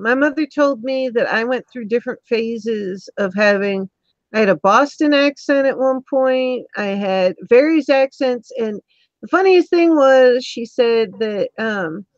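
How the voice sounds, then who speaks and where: Woman host, casual video-call interview, chatty with many ums, fresh off an illness; higher voice, dry muffled line. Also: lively intonation, measured pace, dry recording. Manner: chatty, warm-toned with filler ums. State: recovering from illness, clears throat. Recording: dull lo-fi call audio.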